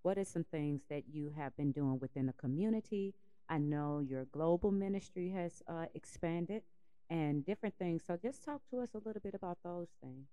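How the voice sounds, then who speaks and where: A woman hosts an interview, speaking in a very low, smooth voice. She affirms and encourages her guest between questions. The sound is dry and close. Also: animated, moderate pace, mellow, no room sound. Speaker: interview host.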